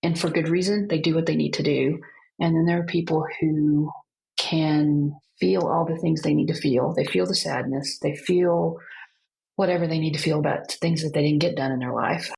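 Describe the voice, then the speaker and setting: A woman with a low voice and a gravelly edge talks slowly and gently, as an end-of-life counselor on a podcast. She tells her stories with thoughtful pauses. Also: steady tone, low-quality recording. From United States. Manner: gentle, unhurried storytelling with pauses. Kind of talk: reflective podcast conversation.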